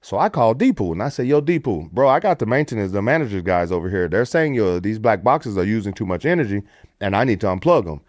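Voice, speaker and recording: Middle-aged American man, podcast storyteller, very expressive pitch, dry close mic. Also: quick pace, no room sound. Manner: animated storyteller, puts on voices for quotes, swears freely. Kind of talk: casual storytelling.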